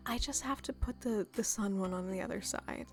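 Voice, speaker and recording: A woman streaming a game, chatting excitedly and sometimes dropping to a soft whisper. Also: mid-range voice, brisk. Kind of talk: casual live-stream commentary. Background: game music.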